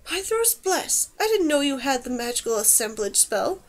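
Woman reading as a calm lecturing wizard guy, kinda high voice. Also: moderate pace. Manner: explaining, lecturing. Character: learned male mage, calm and curious. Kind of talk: audiobook character voice.

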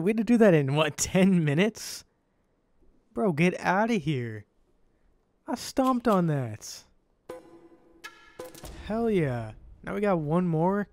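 A man doing let's-play commentary as a gaming YouTuber, excitable, swearing and yelling at the game. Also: fairly high pitch, slow, creaky, pauses often, faint music behind.

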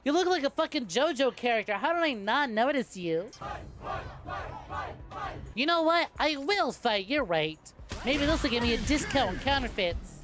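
A young adult woman streaming a game, giving crude, playful, excitable commentary. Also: sits high, moderate pace, faint music behind, some chatter behind. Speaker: VTuber streamer. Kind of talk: casual gameplay commentary.

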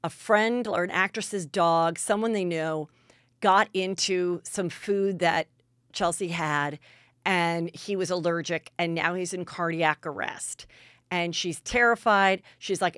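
A woman's voice: on the low side, takes it slowly, fairly bright tone, clean tone, no room sound, studio quality. A woman hosting a podcast, telling stories in casual gossip chat and acting out what people said. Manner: chatty storyteller, acting out quotes. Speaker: podcast host.

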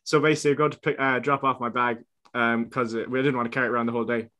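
A man's voice: mid-range voice, little pitch movement, very fast, bright, forceful tone. A young Irish man co-hosting a podcast, telling stories in a casual chat with frequent laughs. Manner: laughs often, chatty storytelling with restarts. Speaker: podcast co-host.

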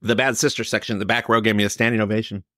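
A man's voice: lowish voice, flat delivery, rapid-fire, fairly bright tone, no room sound, studio quality. A man telling his personal recovery story, acting out the exchanges he quotes. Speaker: recovery speaker.

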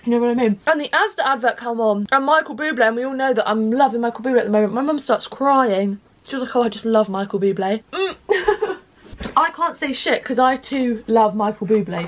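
A young woman in her twenties from England, vlogging in a rambling, chatty way and swearing casually. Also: fairly high pitch. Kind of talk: casual chat to camera. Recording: faint background noise.

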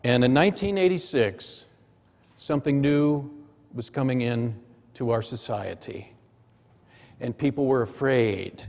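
A middle-aged man preaching a sermon, telling a personal story in short, measured phrases. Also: mid-range voice, gravelly, a little mellow. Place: church sanctuary. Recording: church hall reverb.

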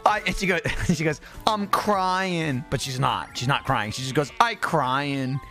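A man's voice: mid-range voice, lively intonation, a little fast, gravelly, bright, forceful tone, soft background music. A man in his thirties chatting casually while playing a video game, swearing and laughing. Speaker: gamer. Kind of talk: casual gaming chat.

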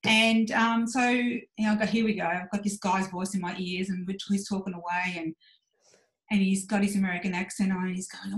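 Woman in her 40s on a podcast, candid and reflective, mid pitch, echoey room sound. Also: steady tone, fairly quick. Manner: frank and self-reflective, acting out her own inner voice. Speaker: podcast guest. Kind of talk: candid personal conversation.

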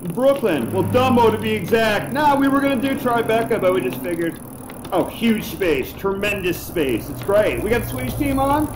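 A cocky young tech bro, played by a man, in a very high voice that leaps all over. He rattles off slang while distracted. The sound is echoey, with loud street and traffic noise behind. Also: expressive. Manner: fast-talking, slangy, distracted.

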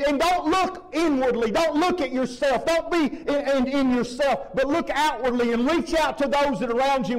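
High-voiced fervent preacher man. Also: rough recording. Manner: fervent preaching, shouting in bursts, calls to congregation. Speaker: pastor. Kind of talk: sermon.

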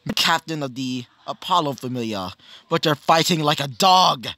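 A man's voice: on the high side, expressive, moderate pace, bright, forceful tone, dry recording. Rambling man narrating fan fiction. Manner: rambling and casual, many fillers and self-corrections. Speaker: storyteller.

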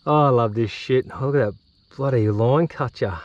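An Australian man vlogging his fishing outdoors, excitedly talking to the fish and the viewers as he fights and lands it. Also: mid-range voice, moderate pace, dry recording, lo-fi sound. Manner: excitable, chatty, swears and laughs while fighting fish. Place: outdoors on the water.

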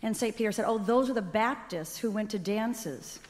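A woman's voice: mid-range voice, normal speed, darkish tone, big-room sound. Chatty woman telling jokes on radio. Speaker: radio comedy performer. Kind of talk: live radio joke telling.

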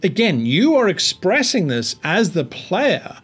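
Animated man teaching tabletop game mastering. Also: sits high, measured pace, slightly rough. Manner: animated, rambling, thinks aloud with many restarts. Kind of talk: tabletop roleplaying tutorial.

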